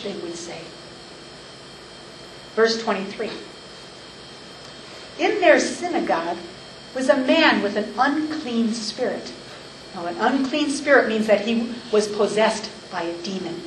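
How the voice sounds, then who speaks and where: A woman giving verse-by-verse Bible teaching, emphatic and slowing down to stress key phrases. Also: a little high, very animated, a little hiss or hum. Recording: echoey room, mic at a distance.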